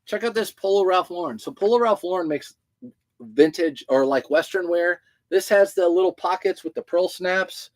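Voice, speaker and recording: A man with a high voice hosts a casual livestream about reselling clothes. He talks in a loose, chatty way and answers viewer comments as they come in. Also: moderate pace.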